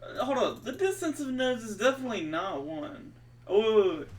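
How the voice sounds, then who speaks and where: A man's voice: very high-pitched, very animated, fairly quick. Man muttering to himself while coding. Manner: muttering to himself, exasperated, swears casually. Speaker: streamer coding on camera. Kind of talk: thinking aloud while coding. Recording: distant mic with faint background noise.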